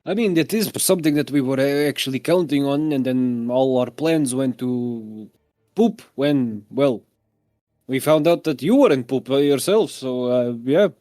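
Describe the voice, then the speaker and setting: A man playing a tabletop game, joking around and thinking out loud in casual chat. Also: medium pitch, measured pace, dry recording, soft background music. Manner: joking, easygoing, thinks aloud.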